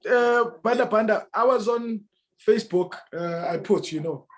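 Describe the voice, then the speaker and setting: A man hosts an interview and asks questions in a casual, easygoing way. His voice sits a little higher than most men's. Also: normal speed. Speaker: interview host.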